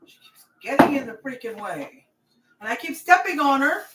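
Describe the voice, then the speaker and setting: A woman's voice: high-pitched, expressive, normal speed, very noisy. A woman hosting a cooking vlog, rambling chattily and talking straight to her viewers from her home kitchen. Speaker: cooking channel host.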